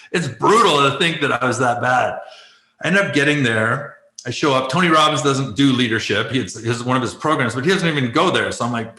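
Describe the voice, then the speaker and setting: Bright-sounding guy in his 40s telling his story, laughs a lot, plays out the back-and-forth, echoey room. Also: mid-range voice. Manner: animated, laughs often, acts out quoted exchanges. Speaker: guest, former pro athlete turned life coach. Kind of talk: candid conversational storytelling.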